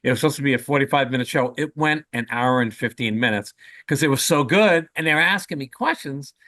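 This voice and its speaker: A man in his sixties, a comedian appearing as a guest, tells casual stories in an animated, chatty, joking way. His voice sits at medium pitch and moves fairly quickly, with no room sound.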